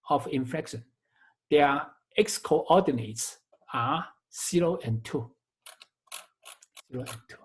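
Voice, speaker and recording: A man teaching a recorded math lecture, working through each step methodically and often repeating or correcting his phrases. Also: a little high. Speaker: math instructor.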